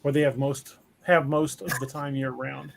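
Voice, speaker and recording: A man hosting a podcast livestream, reading viewer comments and giving shout-outs in an upbeat way. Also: mid-range voice, steady tone, moderate pace, creaky, a loud crowd. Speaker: podcast host.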